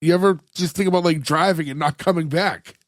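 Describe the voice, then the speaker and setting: A man with a fairly high voice co-hosts a casual podcast chat, rambling through scene recaps with lots of filler words. The sound is dry and close, with no room around it. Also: fairly even intonation, brisk, dry recording. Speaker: podcast co-host.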